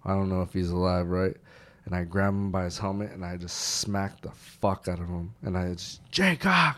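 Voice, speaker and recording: A male army veteran, a podcast guest, telling a war story in casual chat, swearing freely and breaking into sudden shouted bursts. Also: deep voice, normal speed. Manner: profane, animated retelling with shouted bursts.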